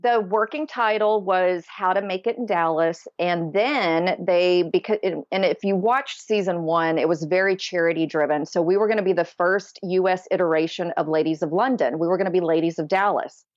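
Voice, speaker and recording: Woman in her 40s, lively storyteller guest, muffled dry audio. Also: on the low side, normal speed, hardly any pauses, dry recording. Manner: animated storyteller who acts out quoted voices. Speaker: podcast guest. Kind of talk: casual storytelling interview. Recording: dull, dry, slightly lo-fi sound.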